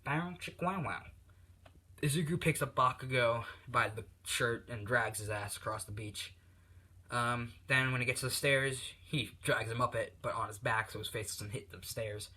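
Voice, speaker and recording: A man's voice: medium pitch, fairly even intonation, moderate pace, sharp tone, husky. A man telling an improvised fan story in a rambling way full of fillers, recorded on a tablet.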